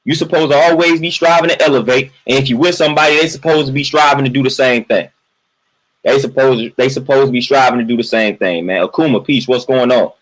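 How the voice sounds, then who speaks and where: Husky-voiced man venting on a livestream. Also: medium pitch, quick pace, rough recording. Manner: emphatic, repetitive, keeps adding "man"; reads out chat names between points. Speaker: livestream host. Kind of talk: casual livestream monologue.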